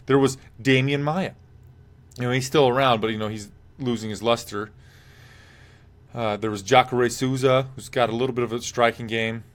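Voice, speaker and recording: A man's voice: mid-range voice, fairly even intonation, moderate pace. A man hosting a live MMA podcast, talking casually and rambling, reading viewer comments aloud and giving blunt picks. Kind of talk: casual live-stream fight talk.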